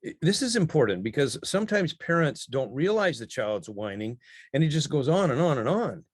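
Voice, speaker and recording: A man with a somewhat high voice teaches parents in a relaxed webinar chat. He laughs easily and snaps into brisk quoted lines. The sound is close and dry, with no room around it. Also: slightly rough, no room sound.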